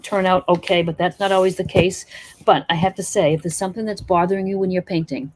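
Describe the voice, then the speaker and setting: A woman's voice: lowish voice, fairly even intonation, a little fast. A woman teaching acrylic painting in a live stream, chatting and encouraging while she works. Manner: chatty, encouraging, thinks aloud while working.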